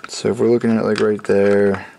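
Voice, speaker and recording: A man building a gadget in his workshop, thinking out loud in a rambling, self-mocking way as he works. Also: on the low side, little pitch movement, fairly quick, gravelly, noisy background. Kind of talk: casual workshop vlog narration.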